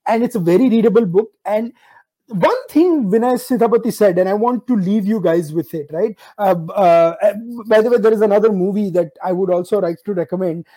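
A man with an Indian accent talks quickly in a casual podcast chat. His voice is mellow and relaxed. He moves freely between English and Hindi phrases. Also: high-pitched, poor audio. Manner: fluid, mixes in Hindi phrases. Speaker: podcast host.

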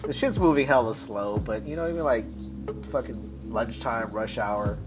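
A man's voice: mid-range voice, moderate pace, music in the background. A man telling a story in a casual podcast chat, rambling and cursing with frequent restarts.

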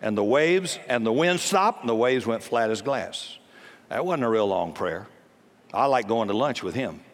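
Forceful preacher in a reverberant hall. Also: male voice, medium pitch, lively intonation, normal speed. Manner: forceful, blunt preaching with jokes and sudden commands. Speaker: pastor. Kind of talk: sermon.

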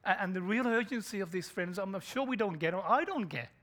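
A male pastor preaching an urgent sermon, swinging between loud emphasis and near whispers. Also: high voice, animated, fairly quick. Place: church in a shopping complex.

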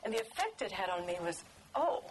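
An older woman, a book author, telling stories at a talk in a lively, laughing way. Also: fairly low pitch, fast, slight background noise, low-quality recording. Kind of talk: storytelling talk.

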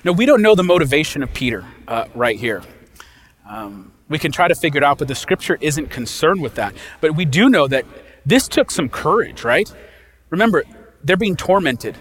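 A man's voice: a little high, big pitch swings, normal speed, fairly bright tone. A man preaching a sermon as a pastor, talking in a conversational way and often checking in with his listeners.

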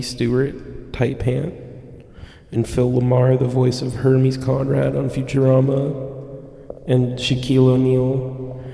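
A man co-hosting a podcast, rambling through absurd comedic bits with animated voices. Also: mid-range voice, vocal fry, no room sound. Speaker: podcast co-host. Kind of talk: comedic riffing chat.

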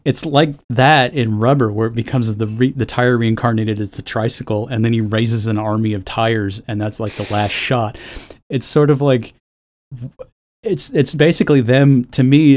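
A man's voice: mid-range voice, fairly even intonation, normal speed, a little mellow. A man co-hosting a podcast in casual chat, talking in a rambling, wry way and swearing freely. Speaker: podcast co-host.

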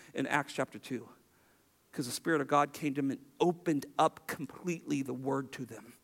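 A man with a high voice preaches a sermon to his congregation. He is animated and acts out the lines he quotes. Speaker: pastor.

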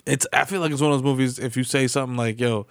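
A man co-hosting a podcast, trading quick back-and-forth banter with agreeing interjections. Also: medium pitch, fairly even intonation, gravelly, no room sound, studio quality. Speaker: podcast co-host. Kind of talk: casual chat.

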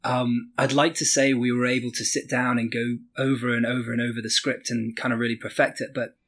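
A man's voice: mid-range voice, little pitch movement, a little fast, a bit bright. A man who is a game developer, speaking as a podcast guest in a loose, rambling way full of filler words. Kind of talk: casual interview.

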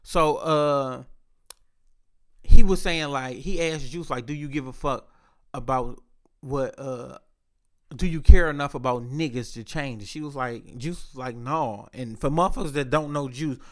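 A man's voice: medium pitch, a little slow. A young man hosting a podcast, telling casual stories in a loose, profane way with a lot of laughter. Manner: profane, laid-back storytelling with frequent laughs. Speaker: podcast host. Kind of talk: casual storytelling monologue.

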